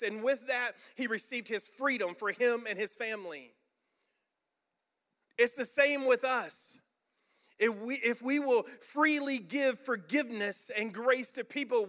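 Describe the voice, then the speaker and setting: A man's voice: very high-pitched, sharp tone. A man preaching a sermon as pastor, emphatic and rhetorical, repeating phrases for effect.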